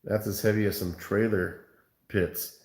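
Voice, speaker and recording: A man's voice: on the low side, steady tone, a little slow, a little mellow. Laid-back man in an echoey room. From Far West Texas. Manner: laid-back, calls viewers man and bro. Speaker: barbecue show host. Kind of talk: casual livestream chat.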